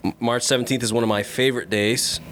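A man's voice: medium pitch, quick pace, background noise. Indignant man ranting on a podcast. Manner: indignant, sarcastic, animated ranting. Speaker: podcast co-host. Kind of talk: casual podcast rant.

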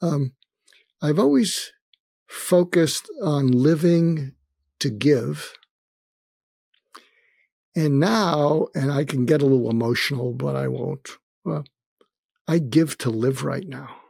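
A man's voice: a little high, takes it slowly, vocal fry, long pauses, darkish tone, breathy edge, no echo, studio quality. An older man, a guest on an interview show, telling candid personal stories with a wry touch and often quoting what others said to him. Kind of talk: reflective storytelling.

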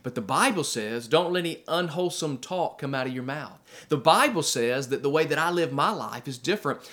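A man's voice: fairly high pitch, lively intonation, a bit bright. Preaching man, emphatic and questioning. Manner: emphatic preaching with rhetorical questions and slow stressed phrases; conversational asides and personal stories. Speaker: pastor. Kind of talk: sermon.

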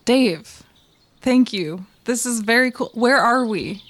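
Slow-talking woman playing a tabletop game. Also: a little high, expressive, a bit bright. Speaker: player.

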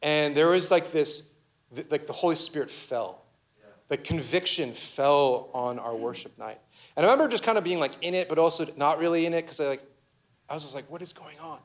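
A man's voice: on the high side, expressive, a little fast. A young man, a pastor, giving a conversational sermon full of personal stories, with many restarts and fillers.

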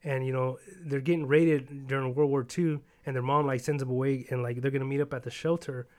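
A man's voice: mid-range voice, flat delivery, brisk, a little mellow. A man in casual chat, rambling and swearing as he retells stories and acts out bits of dialogue. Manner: rambling, profane, acts out quoted voices.

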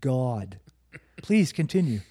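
Animated husky man telling a story. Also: mid-range voice, slow. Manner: animated, swearing, laughing storyteller. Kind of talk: casual chat.

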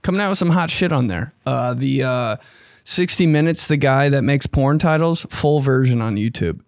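A young man hosts a casual podcast monologue in studio quality with no echo, speaking at a normal speed. He's excitable and slangy, swears freely, and often slips into high, mocking voices.

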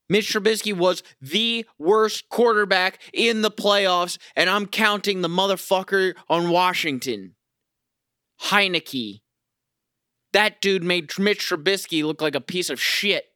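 A man's voice: high voice, bright, forceful tone, clear, resonant tone, no echo, studio quality. A young man ranting profanely as a sports fan, talking in a casual, exasperated monologue.

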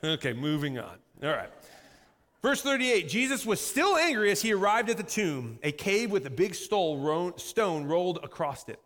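A man in his thirties preaching a sermon as pastor, shifting from lively delivery to quiet, intense passages. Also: high voice, moderate pace. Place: church sanctuary. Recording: long hall reverb.

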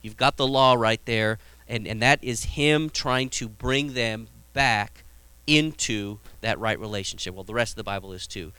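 A man's voice: lowish voice, normal speed, bright, forceful tone, smooth, dry recording. A male pastor preaching casually, with humor and frequent restarts. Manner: conversational preaching, acts out Bible scenes with humor; frequent restarts and repeated words. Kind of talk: sermon.

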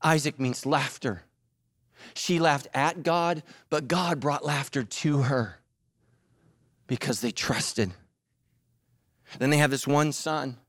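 A male pastor preaching a sermon in an animated, emphatic way, mixing jokes with serious points. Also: mid-range voice, slow pace, long pauses, dry recording, studio quality.

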